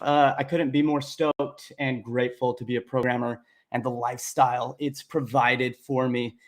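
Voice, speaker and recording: Young male livestream host, average pitch, upbeat and chatty, casual instructor vibe. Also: level tone, normal speed, few pauses. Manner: upbeat, chatty, reads viewer names aloud. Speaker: coding instructor hosting a livestream.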